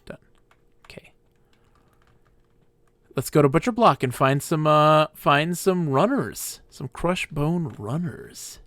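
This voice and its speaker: A man's voice: fairly high pitch, expressive, slow pace, pauses often, fairly bright tone, no room sound. A man streaming a game live, chatting with viewers and talking to himself as he plays. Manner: chatty, talks to viewers and himself while playing. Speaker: gaming streamer. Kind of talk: live-streamed gameplay chat.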